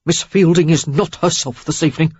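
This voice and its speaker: A man's voice: on the high side, normal speed, husky, no echo. A narrator voicing an anxious, harried male club factotum in an audiobook who speaks tersely and urgently. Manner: tense, urgent. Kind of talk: audiobook character voice. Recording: dull lo-fi dry recording.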